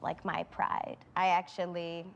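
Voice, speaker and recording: A woman comedian telling an absurd story in a deadpan, matter-of-fact, casual way. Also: lowish voice, a little slow, gravelly, dull audio.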